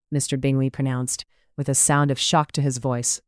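An audiobook narrator giving a steady, even reading of a period romance story. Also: medium pitch, normal speed, no room sound, clean studio sound.

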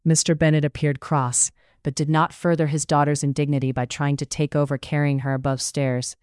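Smooth steady narrator reading a story aloud, dry close sound, no room at all. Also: mid-range voice, a little fast, no echo. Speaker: audiobook narrator.

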